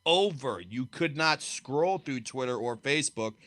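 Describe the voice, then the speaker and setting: Man, podcast co-host, blunt profane storyteller, tense bright tone, dry sound. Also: medium pitch, expressive, unhurried, no room sound. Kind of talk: casual chat.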